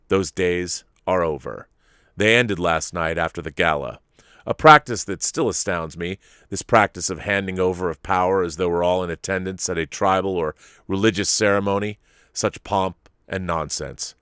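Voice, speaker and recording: A man's voice: sits low, a bit bright, clean tone, dry recording, clean studio sound. An actor playing a slightly drunk former spy from Liverpool in his fifties, giving a rambling, sardonic, sweary confession with a Liverpool accent in an audio drama monologue. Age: 50s.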